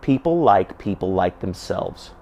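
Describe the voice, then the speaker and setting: A man's voice: low-pitched, animated, measured pace, gravelly, dark tone, a little hiss or hum. A man giving casual advice to camera, talking conversationally and asking lots of rhetorical questions. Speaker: self-help video host.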